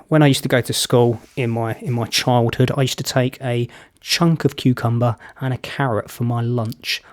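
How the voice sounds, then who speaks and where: A British man hosting a reaction video, chatting casually with blunt opinions and rambling anecdotes. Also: mid-range voice. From Britain.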